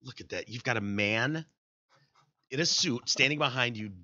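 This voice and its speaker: A man co-hosting a casual comedy podcast, profane and animated, often slipping into mocking impressions. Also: mid-range voice, moderate pace, muffled recording. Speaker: podcast co-host.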